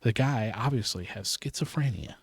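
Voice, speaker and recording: A man's voice: mid-range voice, moderate pace, breathy edge, no echo, clean studio sound. Man animatedly retelling a scene on a podcast. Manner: animated storytelling, swearing, acting out lines. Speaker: podcast co-host. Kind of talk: casual chat, retelling a film scene.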